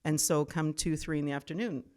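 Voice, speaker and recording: A middle-aged woman, a guest on an interview show, telling stories in a casual chat, animated and often laughing. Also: deep voice, a little fast. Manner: animated, laughs often, acts out quoted voices.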